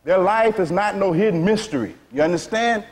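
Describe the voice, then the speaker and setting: His voice sits high and moves a little fast. A spiritual teacher addressing a seated audience, he gives a frank sermon in down-to-earth phrasing and asks "you see?" again and again.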